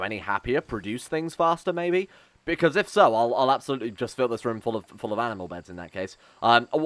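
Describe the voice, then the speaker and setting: Rambling excitable male game streamer. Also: medium pitch, no room sound. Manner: rambling, excitable, thinks aloud with many fillers. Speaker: gaming streamer. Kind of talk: casual let's-play commentary.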